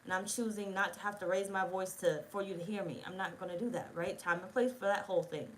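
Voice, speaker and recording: A woman's voice: mid-range voice, fast talker, slight background noise, poor audio. Female tarot reader, loose and profane, keeps checking in with the audience. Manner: rambling, profane, talks straight to viewers. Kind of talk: casual spoken tarot reading.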